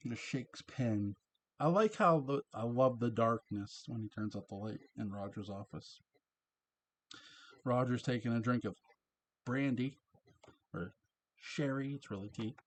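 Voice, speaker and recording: A man's voice: mid-range voice, measured pace, pauses often. A man casually recapping and reviewing a TV episode, chatty and chuckling at his own asides.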